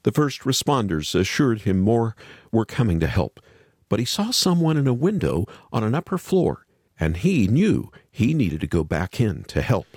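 A male radio host narrates a scripted story in a measured way, his pitch moving in a lively way. His voice has a slightly husky edge. The sound is dry and close, with soft music faint beneath it. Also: dry recording.

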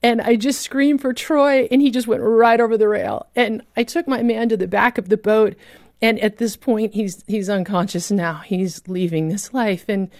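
A woman's voice: medium pitch, fairly even intonation, moderate pace, darkish tone, dry recording, studio quality. A woman giving an earnest, emotional testimony of a personal story, with vivid storytelling. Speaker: guest telling a personal story.

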